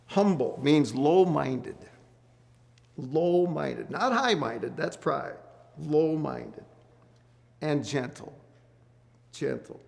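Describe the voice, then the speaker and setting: Earnest, gravelly man teaching couples. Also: a little high, animated, very slow, long pauses, darkish tone. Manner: earnest, repeats key words, asks the group questions. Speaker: host of a marriage study group. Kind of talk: Bible teaching for married couples.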